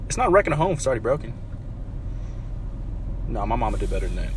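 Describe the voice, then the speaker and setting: Man, casual storytelling, quick talker, very animated pitch, faint background noise. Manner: animated, playful, swaps between loud bursts and mutters.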